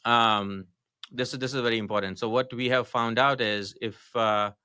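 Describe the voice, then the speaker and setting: A man guest on a podcast, explaining business tactics in a halting, matter-of-fact way with many fillers and restarts. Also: medium pitch, fairly even intonation, sharp tone, clean tone, no room sound, studio quality. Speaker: podcast guest, marketing consultant. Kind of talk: casual podcast interview.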